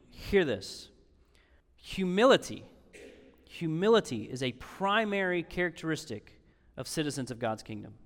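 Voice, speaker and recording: A man's voice: fairly high pitch, long reverb tail. A man preaching a sermon as pastor, conversational and emphatic, repeating key phrases and slipping in sarcastic asides.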